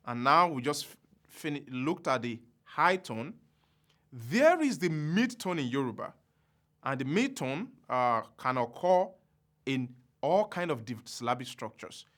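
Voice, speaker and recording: A man teaching a language lesson slowly and deliberately, with careful pauses, and chanting drill syllables in a high, drawn-out voice. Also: fairly bright tone.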